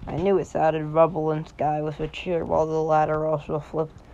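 Gravelly man reading fan fiction sardonically. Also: fairly high pitch, level tone, moderate pace, a little mellow, muffled recording, slight background noise. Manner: sardonic asides, stumbles over words. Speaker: reader.

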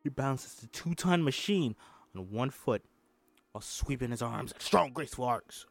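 A man's voice: medium pitch, expressive, normal speed, gravelly. A man reading a screenplay aloud as a host, plainly, breaking off with joking asides. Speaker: script reader. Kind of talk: casual script read-through with asides.

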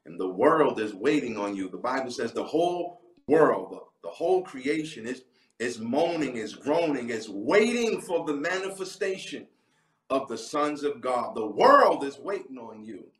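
A man's voice: medium pitch, sing-song, unhurried. A man preaching a livestreamed sermon with fervent delivery, breaking into sudden whooping exclamations. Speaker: pastor. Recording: echoey room, mic at a distance.

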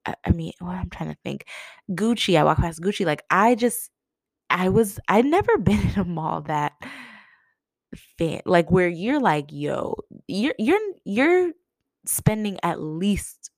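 A woman's voice: on the low side, big pitch swings, measured pace, dry recording. A young woman from Massachusetts telling a personal story casually, laughing often and quoting herself in a livelier voice. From Massachusetts, USA.

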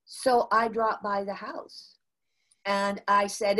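An older woman from the USA, a guest in an interview, telling a business story in an animated way with frequent restarts. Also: medium pitch, slow pace.

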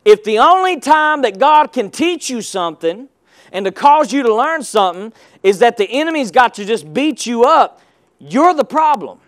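A man's voice: extremely high pitch, sing-song, moderate pace, dry recording, clean studio sound. A man preaching a sermon with call-and-response, rising and dropping his emphasis to rouse the congregation. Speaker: pastor.

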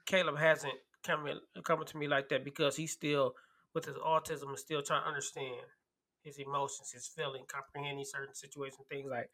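Bright-voiced, emphatic man. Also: fairly high pitch, level tone, a little fast. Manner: emphatic, repeats key phrases, checks in with "right?". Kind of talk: casual podcast conversation.

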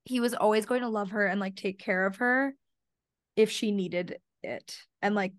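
A woman's voice: medium pitch, normal speed, dry recording, studio quality. A young woman chatting on a book podcast, gushing affectionately about a character. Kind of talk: casual book-podcast chat.

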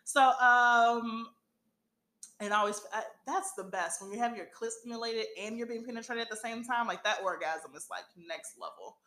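A young woman talks through a wild personal story for a podcast, swearing freely and breaking into laughs. Her voice sits a little high and bright, and the room around her rings with echo. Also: normal speed. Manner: animated, profane, laughs often. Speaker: podcast host. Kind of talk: casual storytelling chat.

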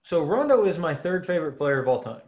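A man co-hosting a casual sports podcast, laying out his points with long, relaxed examples. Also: on the high side, fast, crowd noise. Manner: laid-back, argues with long examples. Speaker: podcast co-host.

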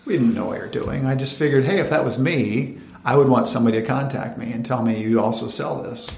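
Animated man telling a story. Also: mid-range voice, fast, creaky. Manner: animated, acts out quoted dialogue in lively voices. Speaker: venture capital founder, interview guest. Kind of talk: conversational storytelling interview. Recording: roomy echoey room.

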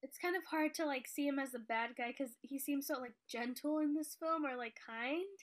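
A woman's voice: high-pitched, moderate pace. A woman chatting casually about a movie, recapping scenes with lots of filler words.

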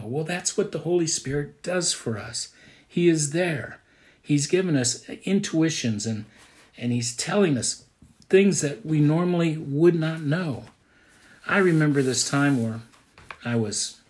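A man who is a pastor, preaching an earnest, conversational sermon and repeating key phrases. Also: medium pitch.

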